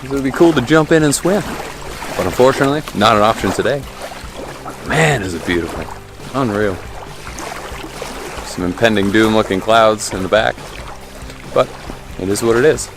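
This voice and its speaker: Guy vlogging on a hiking trail, kinda low voice, chill and upbeat, lots of ums, faint music behind. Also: moderate pace, pauses often. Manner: easygoing, upbeat, many fillers. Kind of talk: casual outdoor vlog narration. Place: outdoors on a mountain trail.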